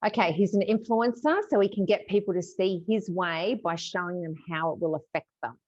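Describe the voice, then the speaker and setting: A woman's voice: fairly low pitch, a little fast, a little mellow, a little hiss or hum. A woman hosting a podcast, chatty and agreeable as she recaps points. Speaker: podcast host. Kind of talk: casual podcast chat. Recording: dull, dry lo-fi sound.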